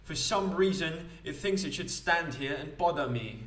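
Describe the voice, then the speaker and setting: A man voicing a gossipy upper-class gentleman with a British accent, in a confiding, chatty manner. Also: a little high, animated, moderate pace, echoey room, far from the mic, voice pushed up.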